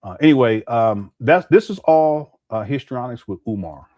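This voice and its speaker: A man's voice: mid-range voice, lively intonation, normal speed, no echo, muffled recording. A man commenting casually on a live stream, laughing often and mocking what he plays.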